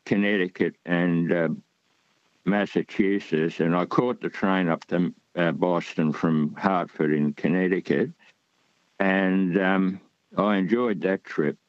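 A man's voice: low voice, fairly even intonation, slow, dry recording, lo-fi sound. A man from Australia calling in to a radio show, talking in a rambling, hesitant way with many fillers. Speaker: caller. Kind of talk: radio call-in chat.

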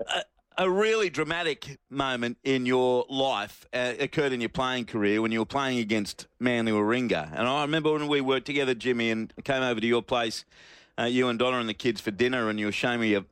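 Teasing Australian interviewer, dry sound. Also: male voice, medium pitch, a little fast, fairly bright tone, smooth, dry recording. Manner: friendly, teasing questions. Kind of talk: casual interview.

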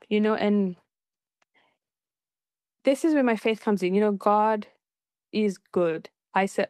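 A woman's voice: no room sound, studio quality. A middle-aged woman from Fiji, a documentary filmmaker, telling her personal story in an interview and acting out what people said. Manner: animated, acts out quoted dialogue with big pitch jumps.

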